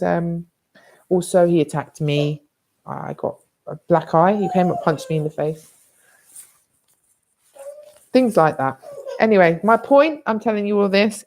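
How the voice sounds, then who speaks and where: A woman's voice: fairly low pitch, darkish tone. A British woman vlogging, telling a personal story in a candid, blunt, rambling way with some swearing.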